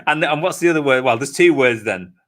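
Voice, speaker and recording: A man's voice: mid-range voice, expressive, fairly quick, a bit bright. A man hosting a livestream, chatting casually, joking and laughing often as he reads out viewer comments. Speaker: livestream host. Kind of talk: casual chat.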